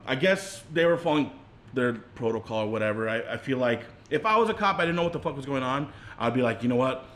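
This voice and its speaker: A young man co-hosting a podcast, calmly retelling a film's scenes in casual speech with some swearing. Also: medium pitch, fast talker. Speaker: podcast co-host. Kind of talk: casual movie recap.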